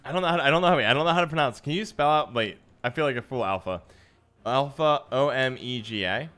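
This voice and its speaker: A man's voice: fairly high pitch, fast, a bit bright, soft background music. A man livestreaming a card game, chatting casually with his viewers in a musing, self-deprecating way. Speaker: streamer. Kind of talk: casual livestream chat while gaming.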